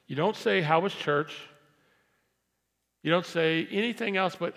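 A pastor preaching to his church, talking easily one moment and hammering a point with loud repeated lines the next. His voice sits a little high for a man and has a gravelly edge. The sound rings with the long reverb of a church hall. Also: a little fast. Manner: conversational preaching that swings from quiet asides to loud emphatic repetition. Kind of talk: sermon.

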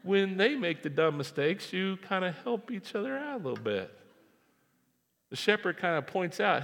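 A man preaching a sermon as pastor, animated and repeating phrases for emphasis. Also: sits high, moderate pace, creaky. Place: church sanctuary. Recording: reverberant hall.

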